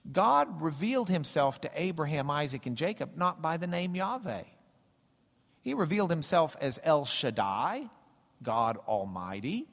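A man giving a Bible teaching in a church, dramatically acting out the scripture he quotes and asking pointed questions. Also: on the high side. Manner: dramatic, acts out scripture quotes with big swings in loudness; slow, deliberate delivery with pointed questions. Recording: long reverb of a church hall.

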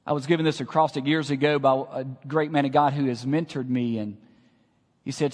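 Passionate preacher man, booming hall. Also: fairly even intonation, brisk. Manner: dramatic, swings from hushed to loud, calls the congregation to repeat. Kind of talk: sermon.

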